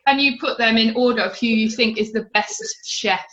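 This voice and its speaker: A woman hosting a casual podcast interview over a video call, chatty and quick to laugh. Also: on the high side, fairly bright tone, muffled recording. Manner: chatty and giggly, with frequent laughs. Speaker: podcast host and magazine editor. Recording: roomy video-call audio.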